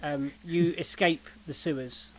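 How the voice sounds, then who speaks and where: A man narrating a tabletop role-playing game as game master in a calm, matter-of-fact way. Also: on the high side, a little slow, poor audio.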